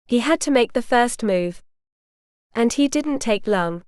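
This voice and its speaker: A woman reads an audiobook in a measured, even manner. Her voice is fairly high, smooth and clear, and the sound is close and dry with no room around it. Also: no echo. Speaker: audiobook narrator. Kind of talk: scripted narration.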